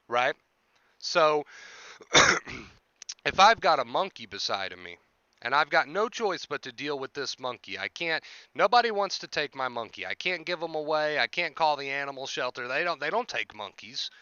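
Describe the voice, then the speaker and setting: A man coaching on anxiety in an earnest explanatory monologue, piling up rhetorical questions and tagging "right?", and clearing his throat now and then. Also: on the high side, sharp tone, no room sound, highs cut off. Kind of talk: explanatory self-help monologue.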